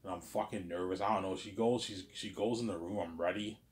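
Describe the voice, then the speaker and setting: A man with a somewhat low voice rambles through a casual to-camera monologue. He trips over his own words and keeps circling back to the same pet phrases. His talk is loose and peppered with crude slang. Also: steady tone, a little fast. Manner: repeats "obviously" and "you know what I'm saying", stumbling restarts, crude slang. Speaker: vlog host talking to camera.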